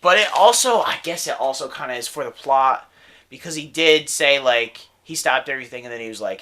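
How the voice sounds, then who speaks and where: A man's voice: mid-range voice, expressive, brisk, bright, forceful tone. A young man co-hosting a casual film review podcast, rambling enthusiastically with lots of "like" and "dude". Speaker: podcast co-host.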